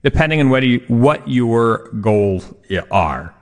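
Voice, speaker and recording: A man's voice: mid-range voice, expressive. A man who buys coins and jewelry, talking on a radio show as a guest and often stopping to restart his sentences. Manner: halting, restarts, agreeable. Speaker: studio guest, coin and jewelry buyer. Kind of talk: radio talk. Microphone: studio microphone.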